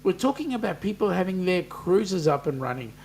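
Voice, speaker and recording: A man's voice: sits high, very animated, a little fast, vocal fry, darkish tone, slight background noise. An Australian man hosting a casual live chat, reading out viewer comments and joking with them.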